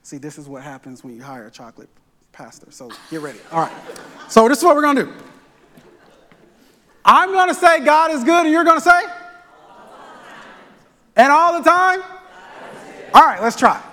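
A man's voice: very high-pitched, big pitch swings, a little fast, long pauses, bright, forceful tone. A male pastor preaching a sermon in a church sanctuary, with rhythmic, repetitive phrasing and call-and-response. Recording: echoey church hall.

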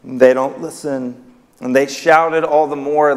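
A man's voice: a little high, steady tone, takes it slowly. A man preaching a sermon in a church hall, emphatic, his voice rising on key words. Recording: long reverb of a hall.

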